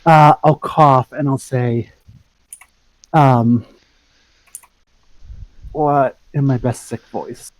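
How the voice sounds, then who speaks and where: A man's voice: mid-range voice, steady tone, extremely slow, long pauses, poor audio. Man playing a tabletop game, hesitant. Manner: hesitant, casual. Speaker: player. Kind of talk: tabletop role-play chat.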